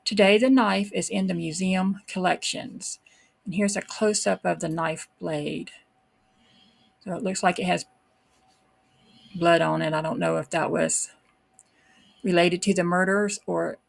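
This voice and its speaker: A woman's voice: on the low side, steady tone, measured pace, gravelly, pauses often. A woman hosting a true crime show, reading historical documents aloud and adding casual, unsure comments of her own. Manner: reads old texts then comments in an offhand, unsure way. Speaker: true crime podcast host.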